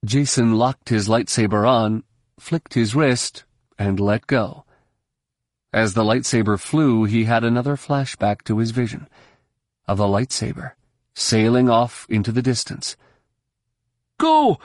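A male narrator reads an action audiobook in a measured, steady way, with a pitch in the middle range for a man. The sound is dry and close, with no room echo. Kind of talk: scripted narration.

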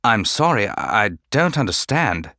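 A man voicing a troubled warrior-monk weighed down by grief and guilt, speaking in a respectful, restrained, quietly pleading way. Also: on the low side, sing-song, a little slow, vocal fry, dry recording, clean studio sound, heavily acted. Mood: subdued.

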